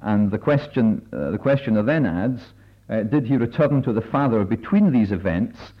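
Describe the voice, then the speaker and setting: A man leading a Bible study meeting, speaking in a careful, measured way with many filler pauses as he reads and explains passages. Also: on the low side, animated. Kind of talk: measured sermon-style talk with readings. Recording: dull lo-fi recording.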